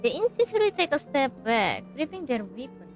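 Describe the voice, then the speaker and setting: A young Indonesian woman with an Indonesian accent streams a game, reading the story aloud and chatting with viewers. Her voice sits high and playful. Soft music plays underneath. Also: brisk. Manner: animated, playful.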